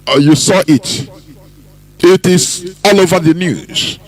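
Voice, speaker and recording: A Nigerian man hosting a political radio broadcast, delivering commentary in an emphatic, preaching manner with drawn-out phrases. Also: high voice, low-quality recording. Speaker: radio host.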